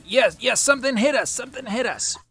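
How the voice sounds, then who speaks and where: A panicky little droid with a squeaky, very high voice, as a man puts it on during a tabletop game. It squeals loud and frantic, and faint music plays under it. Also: lively intonation, fairly quick, gravelly, breathy edge, exaggerated voice. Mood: panicked.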